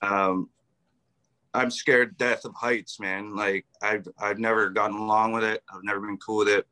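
Bright-voiced man telling war stories. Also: lowish voice, little pitch movement, moderate pace. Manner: rambling, many fillers and restarts, laughs often. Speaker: podcast guest, army veteran. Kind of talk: casual storytelling interview.

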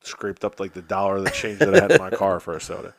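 A man's voice: low voice, very animated, fast, creaky. A man co-hosting a podcast, telling a story in casual chat and acting out the quoted voices of the people in it. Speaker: podcast co-host.

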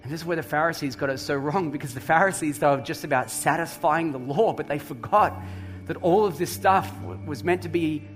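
A man's voice: a little high, a little fast, a bit bright, soft background music. A middle-aged man preaching a sermon, telling stories with dry humor and building to emphatic points. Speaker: pastor.

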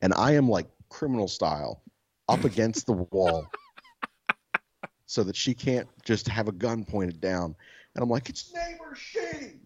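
Soft-spoken man telling a lively story. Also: lowish voice, a little slow, long pauses, slightly rough, muffled recording. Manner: animated, swears freely, laughs often; self-described soft-spoken. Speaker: podcast co-host. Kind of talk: casual storytelling.

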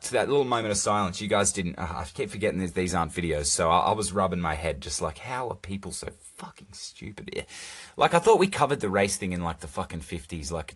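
A man's voice: low voice, fairly bright tone, husky. A young man hosting a solo podcast from his phone, rambling through casual, profane chat with jokey asides. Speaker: podcast host. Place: recording alone on a phone.

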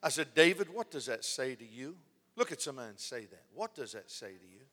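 A man preaching a sermon, telling a story with lively delivery and acting out the lines of the people in it. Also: medium pitch, fairly quick. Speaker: pastor. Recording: long hall reverb.

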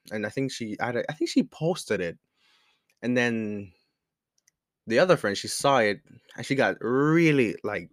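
A young podcast host with a medium-pitched voice tells a personal story in a casual monologue, candid and rambling, full of slang and frequent restarts. The studio-quality recording has no room sound, though a chair squeaks in the room.

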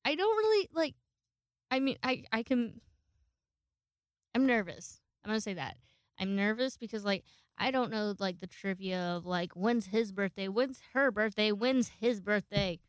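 A woman chatting alone on her podcast at home, rambling from one thought to the next and swearing freely. Her voice is smooth and resonant, recorded close and dry. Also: medium pitch, moderate pace, no echo. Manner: rambling, swears freely, acts out quoted people. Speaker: podcast host. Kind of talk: casual solo podcast chat.

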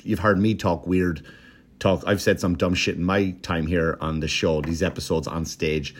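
A man's voice: deep voice, steady tone, moderate pace. A man hosting a podcast, telling a story in a rambling, profane, casual comedic way, with mocking impressions. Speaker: podcast host.

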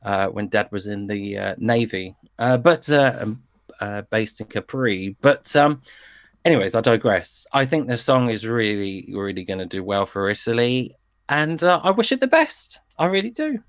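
A man's voice: on the low side, animated, moderate pace, no echo. A man chatting casually as a song review panelist, rambling and digressing with lots of fillers.

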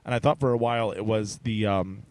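A man's voice: lowish voice, steady tone, brisk, no room sound. Guy hosting a podcast, frank and raunchy, trips over his words a lot, dry close mic. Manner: frank and bawdy, laughs often, stumbles over words. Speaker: podcast host. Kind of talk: casual chat.

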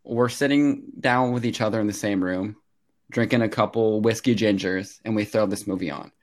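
A man's voice: fairly low pitch, fairly even intonation, normal speed. A man co-hosting a podcast, joking along and laughing as he makes an enthusiastic case. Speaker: podcast co-host. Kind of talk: casual podcast banter.

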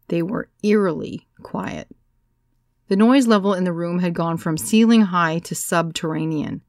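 A woman reads a first-person story aloud with measured, wry pacing. Her voice sits low and gravelly, and the sound is dry and close. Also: a little mellow, dry recording. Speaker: audiobook narrator. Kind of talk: first-person scripted narration.

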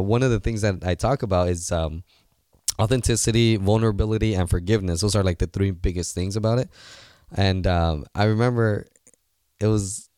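A man in his late twenties talks through his thoughts in a relaxed interview, his voice sitting on the low side. He rambles earnestly, restarting sentences and filling pauses as he goes. The sound is dry and close, with almost no room echo. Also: clean tone. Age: 20s. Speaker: guest, seminar organizer. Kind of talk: casual interview talk.

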